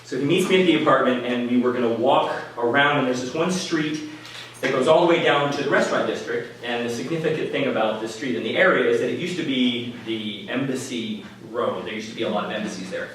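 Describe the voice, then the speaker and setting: A man telling a personal story at a live story slam in a conversational, animated way, with quick asides to the audience. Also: mid-range voice, a little hiss or hum. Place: small venue before a live audience. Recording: echoey room, mic from a distance. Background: audience laughter.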